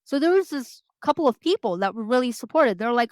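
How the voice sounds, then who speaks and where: A Canadian woman in her forties, a podcast guest telling her story casually, chatty and quick to laugh. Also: on the high side, lively intonation, a little mellow, no echo, studio quality. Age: 40s. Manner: chatty, laughs often, acts out quoted lines in a lifted voice.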